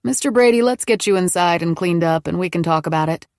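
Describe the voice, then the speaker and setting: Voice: mid-range voice, fast, darkish tone, no room sound, clean studio sound, close to an everyday voice. A woman voicing a young police officer who speaks in a placating, authoritative way in an audiobook. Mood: firm.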